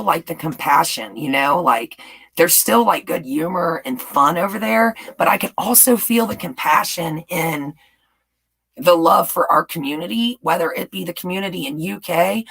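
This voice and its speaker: Woman streamer, light Southern US lilt, raspy with vocal fry, gushes and laughs a lot. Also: on the low side, a bit bright, poor audio. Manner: chatty, gushing, laughs often. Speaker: YouTube live-stream host. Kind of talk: casual live-stream chat answering viewers. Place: home in Texas.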